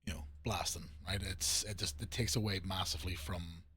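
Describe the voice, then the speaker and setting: A man's voice: low-pitched, steady tone, normal speed, pushed and bright, a little hiss or hum. A man chatting casually about roleplay gaming, repeating words and ending points with "right?" and "you know?". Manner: rambling, repeats words, tag questions.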